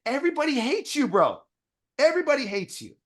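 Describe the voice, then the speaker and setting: A man who is a dentist, a guest on a podcast interview, talking bluntly with profanity and animated storytelling. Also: extremely high pitch, a little fast.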